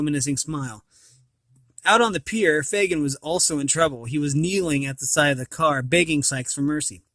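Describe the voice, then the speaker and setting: A man's voice: on the high side, no echo. A man reading a children's storybook aloud, with the odd slip and restart. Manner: animated reading, occasional slips and restarts. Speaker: storybook reader.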